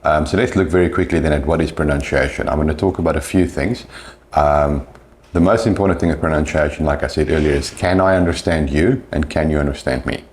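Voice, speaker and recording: Very deep-voiced male English teacher. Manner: patient, demonstrates sounds slowly. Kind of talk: explanatory talk on pronunciation.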